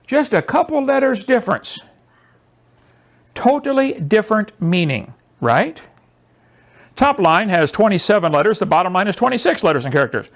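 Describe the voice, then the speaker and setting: A man lecturing a small audience, sarcastic and mocking, with an animated, emphatic delivery. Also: high voice, normal speed, pauses often. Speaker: presenter.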